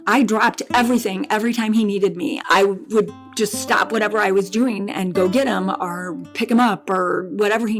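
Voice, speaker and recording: Speaking at medium pitch, a middle-aged bereaved mother shares a painful story of her own as a podcast interview guest. Her delivery is emotional and halting, full of restarts and repetition.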